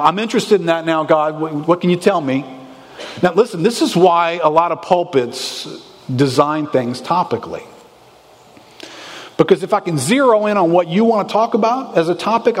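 A man's voice: on the high side, big-room sound. A man preaching a sermon as a pastor, talking conversationally with the congregation, asking rhetorical questions and acting out anxious inner voices.

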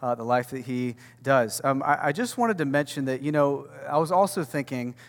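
A man preaching a conversational sermon as pastor, swinging from loud to hushed and repeating words as he goes. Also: mid-range voice, lively intonation, moderate pace. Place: warehouse church hall. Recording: long reverb of a large hall.

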